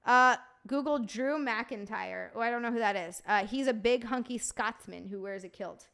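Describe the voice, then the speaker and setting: Young woman streamer, casual chat with viewers, swears freely, bubbly, voice sits a bit high. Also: moderate pace, creaky, fairly bright tone, clear, resonant tone. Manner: profane, bubbly banter. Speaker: live streamer.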